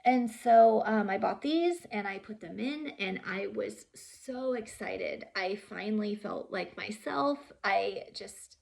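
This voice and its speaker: A young woman talking earnestly and haltingly about her own experience, with many pauses and fillers and some softly whispered words. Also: medium pitch, lively intonation, creaky. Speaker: vlogger sharing her story. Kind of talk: emotional personal storytelling.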